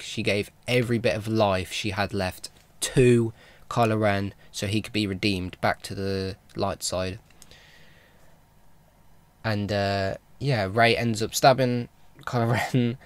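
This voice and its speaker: A man talks through a film recap in a casual vlog, rambling along with plenty of ums and restarts. His voice sits a little low, and he sounds like an eager fan. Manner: rambling, with many fillers and restarts; enthusiastic fan talk. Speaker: vlogger.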